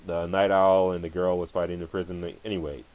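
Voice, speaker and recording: A man with a low-pitched voice rants in a profane, rambling stream. He swears constantly and trips over his words, restarting sentences as he goes. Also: level tone, brisk, a little mellow, rough recording. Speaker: vlogger ranting about movies. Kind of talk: angry profane movie rant.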